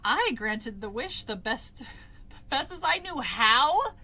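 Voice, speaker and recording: A woman voicing a calm, sly wish-granting stranger who talks slowly and softly. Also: high-pitched, heavily acted. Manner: slow, soft, measured.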